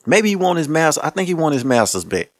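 A man's voice: a little high, sing-song, fast, no room sound, clean studio sound. A man hosting a podcast, talking loosely and profanely in a casual, laughing way. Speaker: podcast host. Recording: music playing underneath.

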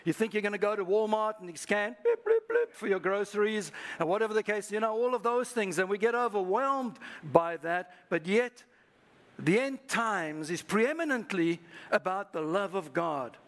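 A man with a high voice preaches to his congregation. He leads the room in call-and-response, asking listeners to repeat lines to their neighbours. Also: moderate pace, fairly bright tone. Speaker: pastor. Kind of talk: sermon. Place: church service.

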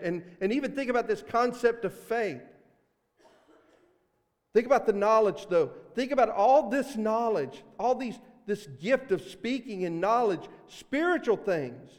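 A man with a Mississippi accent preaching a sermon as pastor, earnest, swinging between loud emphasis and hushed asides. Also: high voice, long reverb tail. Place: church sanctuary.

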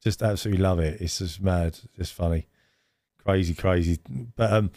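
A man's voice: low voice, steady tone, normal speed, warm tone, dry recording, studio quality. A man co-hosting a casual podcast chat, telling rambling stories and laughing often. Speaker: podcast co-host.

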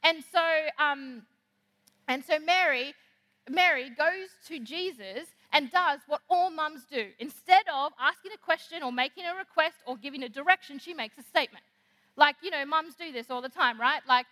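A woman preaches in a chatty, animated way. Her voice sits high and sounds bright and clear. A long reverb trails her words through the hall. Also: moderate pace. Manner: animated, conversational, acts out quoted lines. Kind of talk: sermon.

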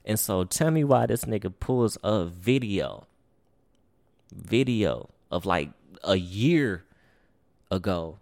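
A young man tells a long story in a loose, rambling way, full of profanity and "or whatever". His voice sits very low. The recording is dry and close, with no room sound. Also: very animated, takes it slowly, gravelly, a little mellow, dry recording. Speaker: podcast host. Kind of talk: casual storytelling.

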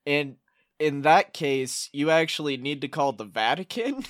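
Man making slow, deadpan jokes. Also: a little high, dry recording, studio quality. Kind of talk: casual comedic chat.

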